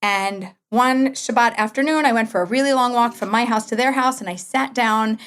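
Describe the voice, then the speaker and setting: A woman in her forties, a podcast guest, telling a personal story in a lively way, acting out the dialogue and laughing often. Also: on the high side, normal speed.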